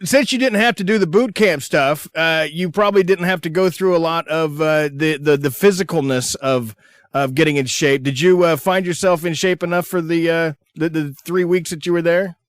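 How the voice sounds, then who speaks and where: A man's voice: fairly high pitch, moderate pace, dry recording, clean studio sound. A man hosting a radio interview, asking long questions with many restarts and fillers.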